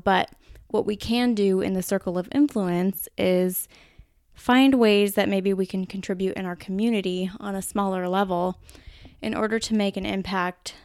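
Minnesotan woman, podcast host, chatty and casual, gravelly smooth voice, dry sound. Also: medium pitch, a little mellow, no echo. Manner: chatty, casual, with mild swearing.

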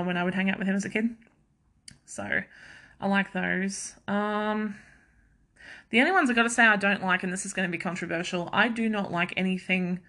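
Young aussie woman rambling on her podcast, bright clear voice, pokes fun at herself a lot. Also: mid-range voice. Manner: chatty and self-mocking, quick asides, laughs often. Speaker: podcast host. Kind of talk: casual chat.

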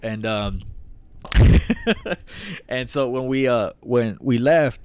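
A man's voice: mid-range voice, takes it slowly, clean tone, no room sound. A young man telling a long story in a casual, slangy, profane way, acting out what people said. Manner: slangy, profane, animated storytelling with acted quotes.

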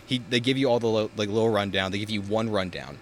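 Young guy, casual backyard podcast host, lowish voice, rambly storyteller, faint traffic behind. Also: quick pace. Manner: rambling storyteller, heavy filler words and swearing. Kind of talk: casual chat. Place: outdoors in a backyard.

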